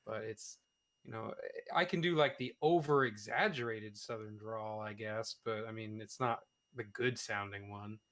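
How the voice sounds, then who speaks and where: A man's voice: lowish voice, normal speed, fairly bright tone. Hesitant man in casual chat. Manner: hesitant, many fillers. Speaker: podcast co-host.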